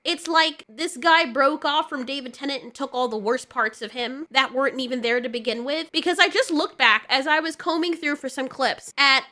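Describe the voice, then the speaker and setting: Sharp, bright-voiced sarcastic woman reviewer. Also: sits high, normal speed, hardly any pauses. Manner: blunt, sarcastic, swears freely. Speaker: video commentator. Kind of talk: casual reaction commentary.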